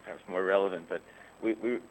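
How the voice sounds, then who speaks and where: A man with a very low, deep voice explains things in a thoughtful, measured way. He pauses often with small hesitations as he works through his points. Faint ambient noise sits behind him. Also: fairly even intonation, rough recording. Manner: thoughtful, measured, frequent "uh" pauses, occasional chuckles. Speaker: guest, rabbinic scholar. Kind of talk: conversational explanation.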